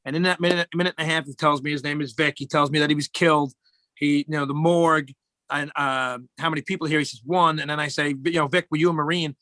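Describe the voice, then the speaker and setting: A man's voice: on the high side, steady tone, fast, pushed and bright, dry recording. A middle-aged man, a guest in casual chat, telling rambling joking stories.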